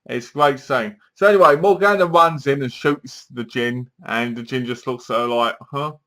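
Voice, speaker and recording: A man's voice: mid-range voice, moderate pace, fairly bright tone. Guy rambling through a movie review, middle voice, doing bits of the characters' lines. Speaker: film reviewer.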